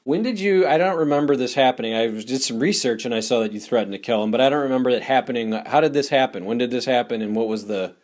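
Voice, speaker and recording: A man's voice: mid-range voice, fast, hardly any pauses, a little mellow. A man hosting a podcast, asking curious, probing questions in a conversational way. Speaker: podcast host. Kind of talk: interview questions.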